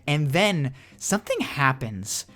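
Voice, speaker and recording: A man's voice: fairly high pitch, sing-song, takes it slowly, sharp tone. Young man chatting casually about games. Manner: rambling, many "like" fillers, swears casually. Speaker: podcast co-host. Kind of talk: casual chat.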